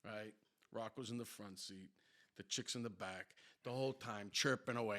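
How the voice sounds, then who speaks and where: A man hosting a podcast, telling a story in an animated, profane way and acting out the scenes. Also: mid-range voice, normal speed. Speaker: podcast host. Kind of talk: casual storytelling.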